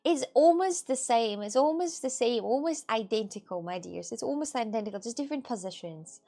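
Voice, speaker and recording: A woman's voice: on the high side, expressive, fairly quick, vocal fry, dark tone. A woman livestreaming, chatting casually and answering viewer messages in a teasing way. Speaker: livestreamer reading chat. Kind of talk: casual live-stream chat.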